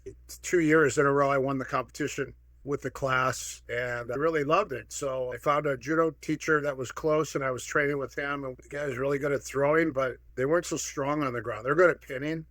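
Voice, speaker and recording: A man in his sixties, from Minnesota, telling lively stories as a podcast guest and acting out the dialogue in them. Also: mid-range voice, fairly quick, few pauses, no room sound, clean studio sound. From Minnesota, USA. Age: 60s. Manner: lively anecdotal, acts out quoted dialogue. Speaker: guest, martial arts pioneer. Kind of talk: casual storytelling.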